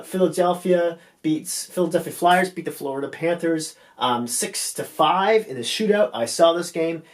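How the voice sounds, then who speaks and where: A man with a slightly high voice runs through hockey scores in a loose, unscripted way. He stops and restarts often and fills gaps with ums, dropping offhand asides. His voice is going tired and hoarse. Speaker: hockey recap vlogger. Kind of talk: casual unscripted game recap.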